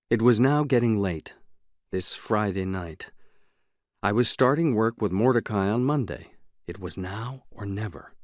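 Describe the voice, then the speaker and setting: A man reading a novel aloud in the first person, in a measured, even way. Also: fairly low pitch, no room sound, studio quality. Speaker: audiobook narrator. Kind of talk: scripted audiobook narration.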